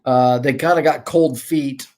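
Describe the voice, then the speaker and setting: A middle-aged man, a former ballplayer and guest, telling rambling, animated anecdotes in casual conversation. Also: mid-range voice, unhurried. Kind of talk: casual storytelling.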